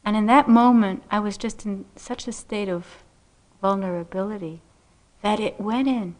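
A middle-aged woman meditation teacher telling a personal story in a dharma talk, unhurried and gentle, laughing softly often. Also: medium pitch. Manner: unhurried, gentle, frequent soft laughs and "you know".

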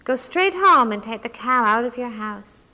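A woman reading a story aloud and voicing a wise rabbi who gives advice in a calm, gentle, measured way. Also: a little high, big-room sound.

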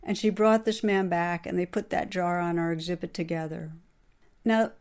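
A middle-aged woman with a somewhat low voice tells a story to her listeners. She speaks in a gentle, earnest way, like a meditation teacher giving a dharma talk.

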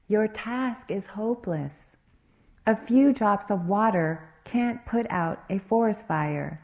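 A woman's voice: medium pitch, takes it slowly, highs cut off. A woman voicing a great male golden eagle, a god, speaking in a solemn and majestic way.

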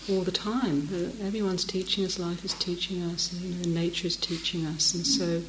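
A woman's voice: fairly low pitch, flat delivery, moderate pace, slight background noise. A middle-aged woman, giving a dharma talk as a meditation teacher, telling stories and laughing often. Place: meditation hall. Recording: echoey meditation hall.

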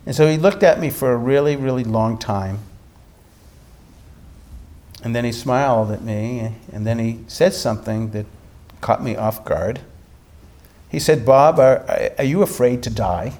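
A man, a meditation teacher, telling a story in a dharma talk with animated delivery and frequent restarts. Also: mid-range voice, measured pace, pauses often.

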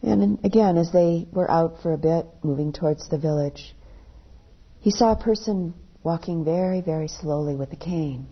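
A woman meditation teacher telling a story in a dharma talk, unhurried, her voice dropping softly at the ends of phrases, on a dull lo-fi recording. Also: sits low, husky.

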